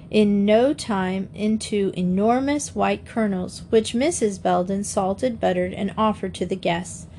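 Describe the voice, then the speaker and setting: Slow, steady woman narrating a storybook. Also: mid-range voice, a little hiss or hum. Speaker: audiobook narrator. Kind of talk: scripted narration of a children's mystery.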